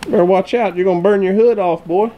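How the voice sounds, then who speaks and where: A man in his thirties with an Oklahoma accent, hosting a casual homestead vlog outdoors in a gentle, coaxing, teasing way. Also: high voice, steady tone, quick pace, dull audio, a little hiss or hum. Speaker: homesteading vlog host and father. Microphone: camera-mounted shotgun mic.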